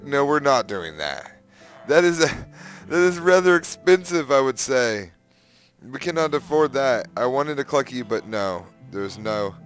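A young man giving casual, excitable gameplay commentary, exclaiming and humming to himself. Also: medium pitch. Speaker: gaming youtuber.

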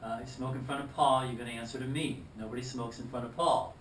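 A man voicing a tough, hot-tempered male Vietnam veteran biker who talks loud, blunt and bossy. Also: mid-range voice, steady tone, fast talker, a little hiss or hum, natural voice. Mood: gruff, pushy. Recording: roomy, distant mic.

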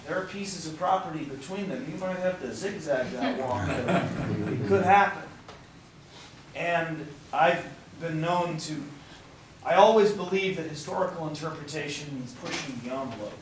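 A hoarse man leads a tour group outdoors, his voice worn but pitched a little high, and he speaks with the emphatic fervor of a preacher. He is picked up from a distance, with heavy echo and some faint noise around him. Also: measured pace. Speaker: tour guide. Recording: distant, echoey outdoor recording.

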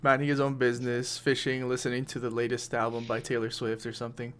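A man's voice: mid-range voice, monotone, quick pace. A young man running a tabletop game as game master, casual and laughing often, swearing freely.

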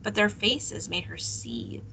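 A woman teacher reading a novel aloud, steady and expressive. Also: mid-range voice, slow, creaky, slight background noise, rough recording.

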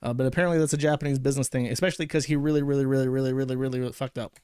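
A man's voice: mid-range voice, fairly even intonation, racing, darkish tone, clean tone, dry recording. Male host, sarcastic swearing commentary, dry recording. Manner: sarcastic, profane. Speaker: show host. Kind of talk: casual commentary rant.

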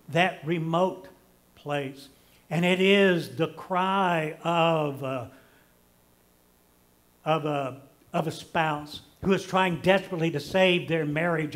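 An older man preaching a conversational sermon, homey and self-deprecating, swinging between emphatic lines and hushed ones. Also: on the high side. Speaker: pastor.

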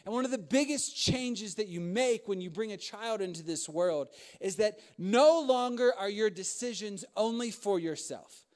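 A man's voice: high-pitched, expressive, normal speed, hardly any pauses. A young man preaching to young adults, telling funny stories about fatherhood with lots of laughter and asides. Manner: humorous storytelling with frequent laughs and asides. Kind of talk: sermon.

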